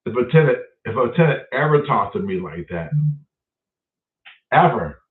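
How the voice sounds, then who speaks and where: A man's voice: medium pitch, very animated, moderate pace. A man hosting a casual live stream, telling stories with a lot of swearing and chatting to viewers by name. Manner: profane, storytelling, reads out chat names. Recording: roomy, distant, phone-like audio.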